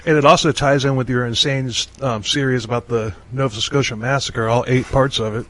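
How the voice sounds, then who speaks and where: A male podcast host chatting casually with a guest. He rambles, restarts his sentences and laughs often. His voice sits in an everyday middle pitch. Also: steady tone, fairly quick, a bit bright, poor audio. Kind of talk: casual chat.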